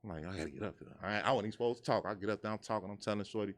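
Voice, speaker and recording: A man from Chicago in his thirties, telling stories in casual chat and acting out quotes in a high voice. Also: very fast. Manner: animated storyteller, acts out quotes in a high voice. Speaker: guest.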